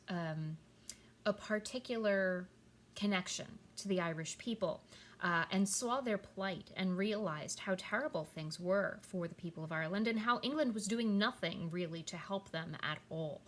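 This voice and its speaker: A woman teacher records a lesson for her students from her computer. She speaks emphatically, fills pauses with "um" and "uh", and keeps checking in with "okay?" and "right?". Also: mid-range voice, expressive, fairly bright tone, a little hiss or hum. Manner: emphatic, many fillers and "okay?" check-ins. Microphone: computer mic at a keyboard.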